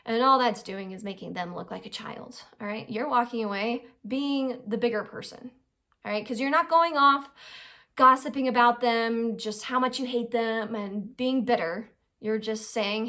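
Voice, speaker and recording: A woman's voice: a little high, normal speed. A woman giving an informal life-skills lesson in a conversational way, often checking in with "right?". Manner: acts out quoted people in lively little voices. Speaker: advice host.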